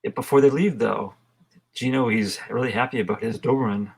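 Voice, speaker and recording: A man co-hosting a film review podcast in casual chat, talking slowly with many fillers. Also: mid-range voice, vocal fry, slightly rough. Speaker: podcast co-host.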